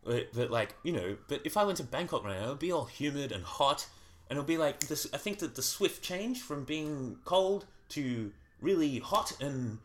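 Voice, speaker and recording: A man's voice: a little high, animated, normal speed. Easygoing meandering man. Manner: easygoing, meandering, stumbling restarts. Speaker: co-host. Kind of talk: casual comedy podcast chat.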